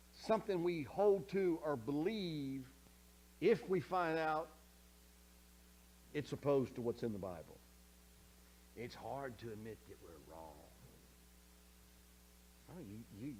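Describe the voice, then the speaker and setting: A man preaching a sermon as pastor, conversational, often checking in with the congregation, swinging from soft asides to loud emphatic scripture quotes. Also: high-pitched. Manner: animated, conversational preaching with frequent check-ins.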